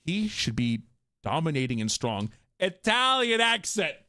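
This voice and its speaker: A man streaming a game, reading and reacting aloud in a jokey way, quick to laugh. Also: on the high side, big pitch swings, pushed and bright, no echo.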